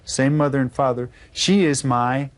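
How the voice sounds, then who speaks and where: A man's voice: mid-range voice, normal speed. A man teaching a video Spanish lesson to children, patiently spelling words out letter by letter.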